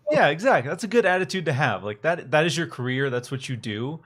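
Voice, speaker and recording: A man's voice: on the high side, animated, fast, fairly bright tone, breathy edge. A man hosting a casual gaming podcast, easygoing and affirming toward his guest. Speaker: podcast host. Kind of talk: casual chat.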